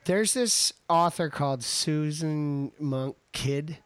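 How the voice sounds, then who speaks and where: A man's voice: on the high side, slow pace, clear, resonant tone, dry recording. A man hosting a podcast in casual chat, joking and rambling with frequent restarts. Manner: joking, rambling, self-interrupting. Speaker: podcast host.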